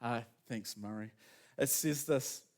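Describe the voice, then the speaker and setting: A man preaching a sermon in a casual, animated storytelling manner, acting out quotes as he goes. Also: mid-range voice, takes it slowly.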